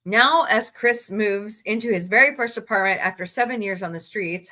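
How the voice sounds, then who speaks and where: A woman hosts a relaxed livestream, greeting viewers by name and reading uplifting news with running commentary. Her voice is bright and forward at a middle pitch, and she sounds a little tired, yawning between stories. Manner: chatty, reads news aloud with asides. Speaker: livestream host.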